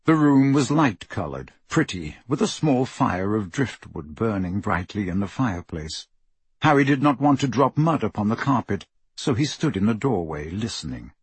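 A man narrates a story in a slow, measured way. His voice is husky and sits a bit low. The sound is dry and close to the mic. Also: very animated, dry recording. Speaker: audiobook narrator. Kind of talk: scripted narration.

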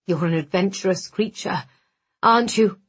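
A woman's voice: mid-range voice, normal speed, breathy edge, natural voice. Woman voicing an ardent, careless young suitor. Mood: murmuring.

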